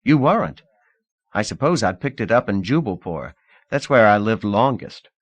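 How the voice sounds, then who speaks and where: An earnest young former beggar, voiced by a male audiobook reader, who answers carefully and plainly. His voice sits a little above the narrator's low natural register. The recording is dry and close. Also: animated, moderate pace, dry recording, dull audio.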